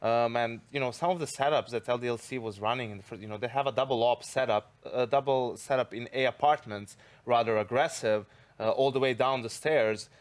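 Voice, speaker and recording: A man's voice: medium pitch, brisk. Man explaining plays, "you know"-heavy. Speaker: esports caster. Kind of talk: analyst desk commentary.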